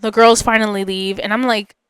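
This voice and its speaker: A woman's voice: mid-range voice, fairly even intonation, a little fast, smooth, no room sound. A young woman hosting a podcast, telling a personal story in a chatty, rambling way, full of fillers and asides. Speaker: podcast host.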